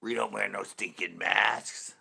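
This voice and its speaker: A man's voice: on the low side, steady tone, gravelly, bright, forceful tone, slightly rough, heavily acted. A man putting on a southern accent to play a scoffing, mask-refusing figure. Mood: mocking. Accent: put-on Southern US. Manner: slow, mocking drawl. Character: mocking man in a put-on southern drawl.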